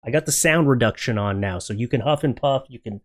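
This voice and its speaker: A man's voice: mid-range voice, fairly quick. A man in casual comedic commentary, joking and chatty as he reacts to tattoo photos and talks to his dog in his office. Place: home office.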